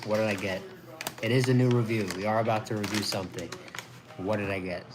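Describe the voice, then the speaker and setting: A young man chatting casually as a food review vlogger, rambling and excitable, restarting his sentences often. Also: fairly low pitch, fast, very noisy. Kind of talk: casual chat.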